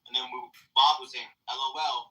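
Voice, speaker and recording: A man's voice: medium pitch, level tone, sharp tone. A man lecturing in a heated group voice chat, repeating his points. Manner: fast, lecturing, repeats himself. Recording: echoey, distant, light noise.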